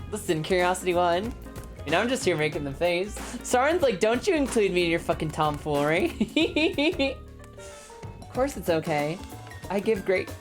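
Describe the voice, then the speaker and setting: A woman streamer chatting casually and excitably while gaming, laughing often and swearing freely. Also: fairly low pitch.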